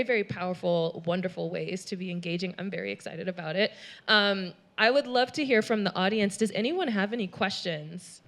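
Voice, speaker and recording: Panel moderator, woman, slightly low voice, chatty and affirming.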